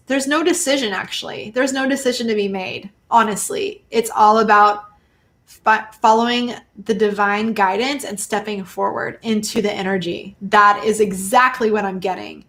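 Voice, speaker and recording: A woman hosting a live stream of tarot readings, chatting casually and getting excited, with frequent laughs and gushing exclamations. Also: mid-range voice, normal speed. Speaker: host giving tarot readings.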